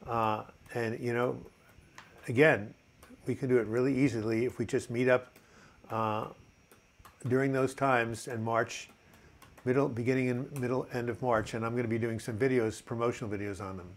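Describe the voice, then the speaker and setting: Steady in tone and moderate in pace, this older man's mid-range voice carries his casual mental health live chat. He's upbeat and talkative as he reads viewer comments, with lots of filler words.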